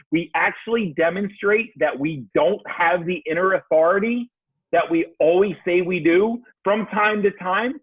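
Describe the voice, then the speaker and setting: A husky, somewhat high-voiced man talks with heartfelt earnestness, circling back and restarting as he goes. His voice comes through a tinny, phone-like line that sounds dry and close. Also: dry recording. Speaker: leadership coach guest. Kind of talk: podcast interview.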